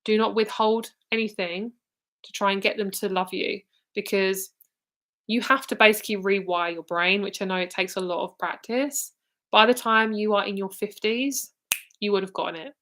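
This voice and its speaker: A woman's voice: mid-range voice, fairly even intonation, normal speed, a bit bright. A woman in her twenties with a British accent, giving a live psychic reading in a casual, rambling way, with fillers, restarts and swearing. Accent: British English. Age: 20s. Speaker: psychic reader.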